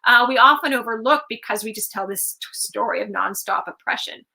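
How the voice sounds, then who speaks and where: A woman's voice: a little high, a little fast, vocal fry, pushed and bright, rough recording. A woman author talking about her book on a video call, chatty and full of fillers and restarts. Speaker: author guest.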